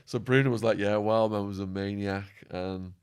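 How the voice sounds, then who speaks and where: A man telling prison stories as a podcast guest, acting out quotes and laughing, his voice going hoarse. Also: lowish voice, normal speed. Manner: animated storyteller, acts out quotes, laughs. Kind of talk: storytelling interview.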